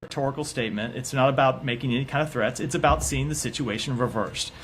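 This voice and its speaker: Fast-talking formal spokesman. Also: mid-range voice, a little hiss or hum. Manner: measured, formal, carefully hedged wording. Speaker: government spokesperson. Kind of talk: press briefing answers.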